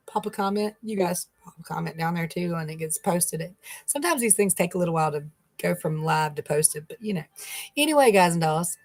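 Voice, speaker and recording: A woman's voice: on the low side, a little mellow. A middle-aged woman, chatting casually to her live-stream viewers and rambling with frequent laughs. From North Carolina, US. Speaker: keto vlogger.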